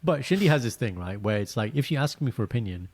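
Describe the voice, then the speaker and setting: A young man co-hosting a casual podcast, telling animated stories and acting out quotes in a high voice. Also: fast. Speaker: podcast co-host. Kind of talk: casual chat.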